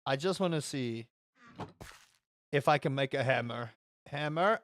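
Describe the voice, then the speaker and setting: A man's voice: medium pitch, lively intonation, measured pace, long pauses, a bit bright. A man streaming a game live, chatting with viewers in a sarcastic, rambling way full of stammered fillers.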